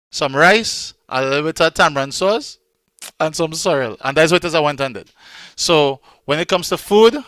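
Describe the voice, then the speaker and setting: A man's voice: on the high side, fairly bright tone, clear, resonant tone, no echo. A man with a Trinidadian accent, hosting an online arts show on a video call in a chatty, joking way with many ums. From Trinidad and Tobago. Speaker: host and DJ.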